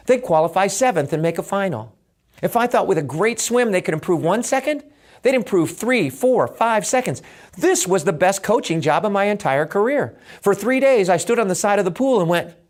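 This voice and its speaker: Animated middle-aged male storyteller. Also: high-pitched. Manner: animated, swings from loud excitement to hushed intimacy. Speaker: swim coach and speaker. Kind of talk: motivational storytelling.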